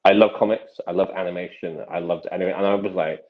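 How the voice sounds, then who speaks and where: A man's voice: low voice, fairly even intonation, fast, narrow, tinny audio. A man in his thirties, a magician guest, telling stories in casual interview chat with many restarts and acted quotes.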